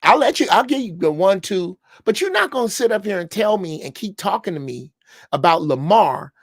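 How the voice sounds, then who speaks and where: A man's voice: high voice, big pitch swings, moderate pace, dry recording, clean studio sound. Older man, blunt profane storyteller. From Chicago. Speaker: podcast panelist. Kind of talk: casual chat.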